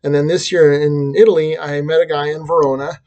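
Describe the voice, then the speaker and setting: A man's voice: a little high, level tone, brisk, dark tone, lo-fi sound. A man talking through a reflective personal vlog, rambling and self-deprecating, with frequent restarts. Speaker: vlogger and teacher.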